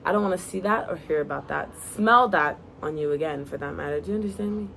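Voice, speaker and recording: A woman voicing a dominant young man who speaks low, firm and possessive. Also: fast talker, gravelly, a bit bright, slight background noise, poor audio. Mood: stern.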